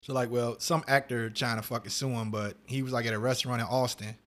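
A man with a mid-range voice rattles through his stories at a quick clip, swearing freely. He co-hosts a casual podcast chat and slips into other people's voices mid-anecdote. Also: mid-range voice, flat delivery, fairly bright tone. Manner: loose, profane storytelling with quoted voices and laughs. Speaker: podcast co-host.

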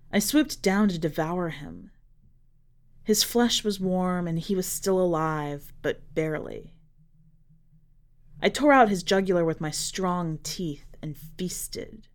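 A woman narrating a dark short story for a fiction podcast in a measured, dramatic reading style. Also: fairly low pitch. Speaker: podcast editor and reader.

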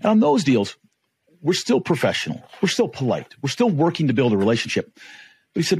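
Middle-aged male negotiation trainer, animated storyteller, husky voice, lively delivery. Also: medium pitch, a little fast, no echo. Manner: animated, acts out dialogue. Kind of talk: storytelling in a talk.

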